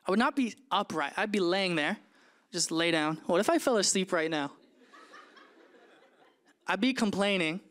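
A male pastor preaching a sermon in an animated, playful way, acting out scenes and joking with the congregation. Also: high voice, moderate pace, long pauses.

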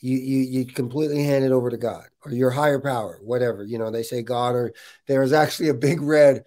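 A middle-aged man hosting a podcast, telling a personal story in a casual, animated way and saying "dude" often. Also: mid-range voice, quick pace. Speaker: podcast host. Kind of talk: casual interview chat.

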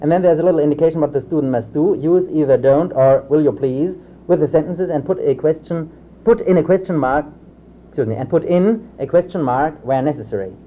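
A professor gives a convocation lecture in a brisk, higher-pitched male voice, hesitant and full of fillers and restarts. He reads example drill sentences aloud in a raised voice, captured on tinny lo-fi 1960s reel-to-reel tape with faint hiss.

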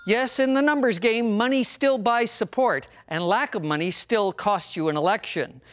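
A man's voice: high-pitched, normal speed, a bit bright, no echo. A man hosting, giving wry, explanatory scripted narration. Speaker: host.

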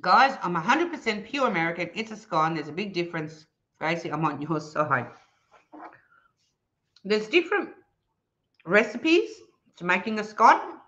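Bright, playful Australian woman streamer. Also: fairly low pitch, normal speed, long pauses, dull audio. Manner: playful, teasing, animated, laughs often. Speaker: livestream host reading chat. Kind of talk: casual live-stream chat.

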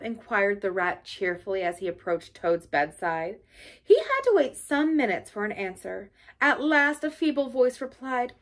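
A woman reading a children's classic aloud for a library, in a lively, expressive storytelling voice. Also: mid-range voice, normal speed.

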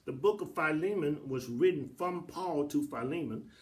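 A middle-aged pastor teaching a Bible study in a church, with a repetitive preacherly cadence that builds to emphatic peaks. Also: male voice, a little high, moderate pace. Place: church sanctuary.

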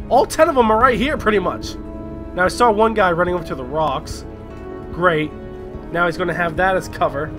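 A man giving live gameplay commentary, excitable and profane, talking to himself as he plays. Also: high voice. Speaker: gaming streamer.

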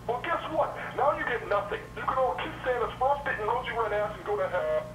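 A man's voice: very high-pitched, animated, a little fast. A man voicing an old, foul-mouthed, angry Santa Claus on a recorded prank hotline. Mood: ranting. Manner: starts jolly, turns ranting and cursing. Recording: speakerphone, roomy and far off, noisy.

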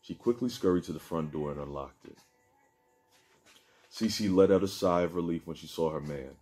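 Deep-voiced man reading a novel aloud. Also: moderate pace, a little mellow, soft background music. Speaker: narrator reading his own novel. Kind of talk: book reading.

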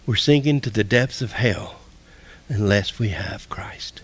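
A man preaching a sermon and leading an altar call, impassioned, swinging from loud calls to hushed near-whispers. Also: fairly low pitch, unhurried, slightly rough. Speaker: pastor.

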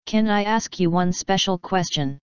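Woman reading as a curious kind boy, earnest, low very clear voice, dry slightly dull sound. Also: normal speed, dry recording, natural voice.

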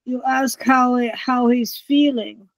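Slow, flat-voiced woman in the audience. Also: on the high side, no room sound, rough recording. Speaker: workshop participant.

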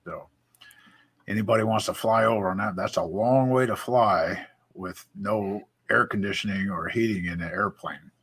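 A man chatting casually as a guest, who stammers and lets his sentences fade out quietly. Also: lowish voice, normal speed, gravelly, husky. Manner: stammering, trails off quietly at phrase ends. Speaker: guest on a livestream. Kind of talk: casual chat. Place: at home.

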